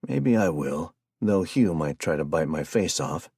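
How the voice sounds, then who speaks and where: A teasing, easygoing male survivor, voiced by a narrator. The voice is deep and husky, recorded close and dry. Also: animated, measured pace, a little mellow, dry recording, heavily acted.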